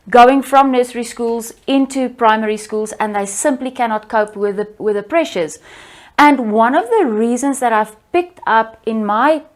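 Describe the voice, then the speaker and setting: Measured woman therapist in discussion. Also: fairly high pitch. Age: adult parent. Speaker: therapist for children with concentration issues. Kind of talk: interview discussion.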